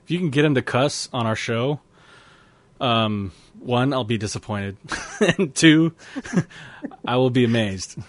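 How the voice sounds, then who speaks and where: A man's voice: mid-range voice, slow, no echo. A man co-hosting a casual podcast, laughing often and rambling through stories. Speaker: podcast co-host.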